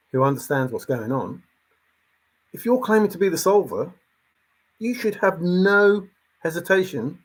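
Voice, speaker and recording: A man's voice: fairly high pitch, slightly rough, low-quality recording. A man talking casually to viewers in an emphatic, exasperated way, repeating his points as he comments on a treasure hunt.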